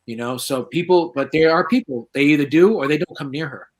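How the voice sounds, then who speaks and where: A man's voice: on the high side, brisk. Middle-aged man telling a spooky story. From southeastern Massachusetts, USA. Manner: lively, acts out quoted voices. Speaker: guest paranormal researcher. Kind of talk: casual anecdotal storytelling.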